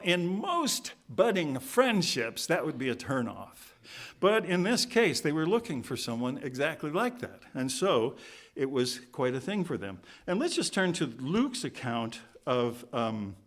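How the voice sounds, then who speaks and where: A man's voice: mid-range voice, lively intonation, measured pace, fairly bright tone. A man giving a sermon in a church, reading scripture and breaking in with informal, joking asides. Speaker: preacher. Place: church sanctuary.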